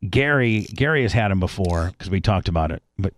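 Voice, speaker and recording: A man's voice: sits low, lively intonation, a little fast, dry recording. A man hosting a radio show, talking casually and crudely, rambling with many restarts.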